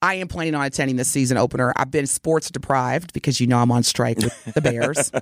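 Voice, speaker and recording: A woman co-hosting a radio show in casual banter, expressive and playful, recorded on a studio microphone. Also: rumbling low, fairly quick, no room sound. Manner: expressive, playful, bursts into exclamations. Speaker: radio co-host.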